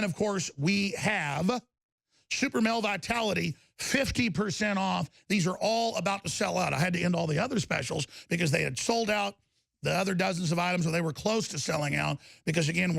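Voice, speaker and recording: A middle-aged man rants on live talk radio in a raised, gravelly voice that climbs high when he's worked up. He hammers the same points again and again, switching between fury and fast sales pitches. The studio sound is dry and close. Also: a bit bright, no room sound. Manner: angry, aggressive, repetitive ranting. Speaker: radio talk show host. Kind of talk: live talk radio rant with product ads.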